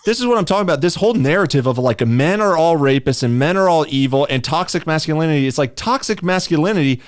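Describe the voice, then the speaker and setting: A man's voice: on the high side, animated, fast, no echo, clean studio sound. A young man hosting a podcast, chatting casually in a blunt, mocking way and swearing freely. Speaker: podcast host.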